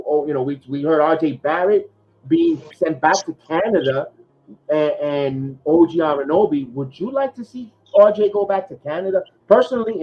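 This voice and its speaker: A man hosting a casual sports podcast, talking in a rambling way with lots of fillers and restarts. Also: fairly high pitch. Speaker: podcast host. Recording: dull lo-fi podcast audio.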